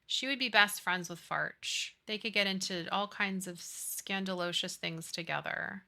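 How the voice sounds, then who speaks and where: Bubbly, very bright-voiced woman streamer. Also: medium pitch, unhurried, gravelly. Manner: gushing and excitable, with gasps and baby talk. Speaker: game streamer. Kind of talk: casual live-stream chat while playing.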